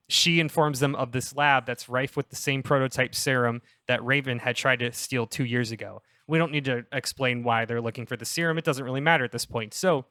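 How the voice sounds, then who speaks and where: A young man on a casual comedy podcast, pitching a story in a rambling, self-interrupting way and laughing at his own jokes. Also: sharp tone, dry recording, clean studio sound.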